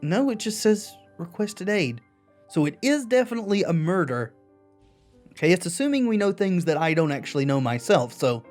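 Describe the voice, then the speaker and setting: A woman's voice: lowish voice, lively intonation, moderate pace, a little mellow, faint music behind. A woman casually commenting as she plays a game, with wry, self-deprecating asides. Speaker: let's play host.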